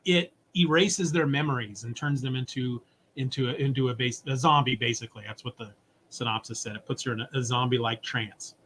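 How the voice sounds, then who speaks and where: A man with a mid-range voice, recorded with slight background noise, co-hosts a podcast and animatedly retells a comic story in casual chat, briefly voicing its characters in quick asides.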